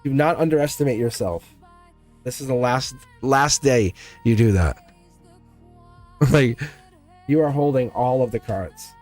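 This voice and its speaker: A man's voice: mid-range voice, a little slow, pauses often, darkish tone, soft background music. A man with a Boston accent giving a casual, blunt live tarot reading, laughing often and swearing now and then. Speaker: tarot reader.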